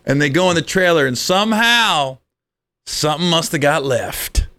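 A comedian telling stories in casual chat, acting out the people in them and laughing often. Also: male voice, a little high, animated, normal speed, pushed and bright.

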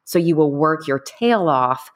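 A middle-aged woman candidly recounting her own experience in a conversation, earnest and a bit halting. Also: low-pitched, expressive. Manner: candid, earnest, trailing off with fillers. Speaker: guest. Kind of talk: personal storytelling in conversation.

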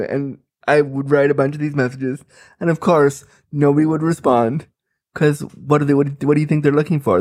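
A man's voice: medium pitch, darkish tone. A man in his thirties telling a comic personal story, candid and chatty, full of fillers. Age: 30s.

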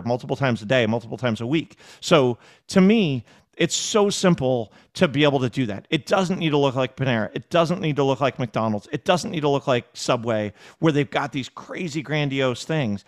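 A man talking as a guest on a podcast, animated and repeating words as he acts out little conversations. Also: medium pitch, brisk. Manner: animated storyteller, acts out dialogue, frequent word repeats. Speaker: podcast guest, restaurant technology executive. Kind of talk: casual interview talk.

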